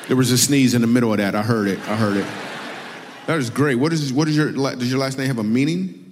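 A man's voice: medium pitch, quick pace, in a large hall, slight background noise. A man doing stand-up crowd work, teasing and laughing with an audience member. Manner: teasing, laughing, playful banter. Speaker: comedian working the crowd.

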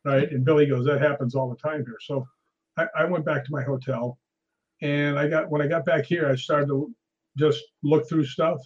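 Man, ghost hunter guest, husky voice, slightly high, anecdotal storytelling, dull lo-fi recording. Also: steady tone, normal speed. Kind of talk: casual storytelling in conversation.

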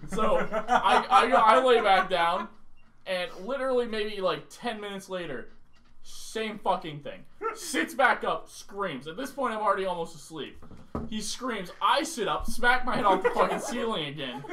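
High-voiced young man telling a story. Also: normal speed, distant mic, crowd noise. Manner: animated, swearing, laughing through story. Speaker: podcast co-host. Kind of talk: casual storytelling.

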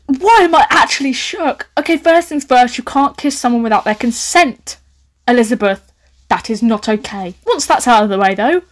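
A woman's voice: a little high, animated, normal speed. A young woman reading a story aloud, breaking off for playful, laughing, camp asides.

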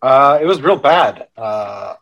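Laid-back man with a husky voice. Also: mid-range voice, expressive, slow pace, fairly bright tone, dull audio. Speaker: podcast co-host. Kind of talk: casual chat.

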